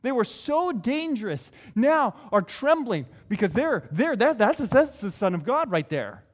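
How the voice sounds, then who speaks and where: A man's voice: very high voice, very animated, measured pace. A male preacher giving a sermon in a conversational, emphatic way, repeating his key points. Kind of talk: expository sermon. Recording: long reverb in a large hall.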